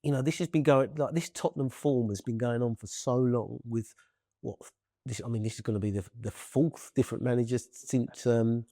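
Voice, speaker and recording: A man's voice: mid-range voice, steady tone, normal speed, warm tone, no echo, studio quality. A man co-hosting a casual football podcast, thinking aloud in a hesitant way. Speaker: podcast co-host.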